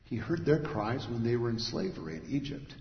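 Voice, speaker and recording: A male pastor delivers a sermon, with dramatic swings from ringing proclamations to quiet, intimate asides. His voice fills a big church hall with long reverb and roomy echo. The recording sounds a little dull and muffled. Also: mid-range voice, animated, a little fast. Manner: dramatic, swings from loud declarations to hushed asides. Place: church sanctuary.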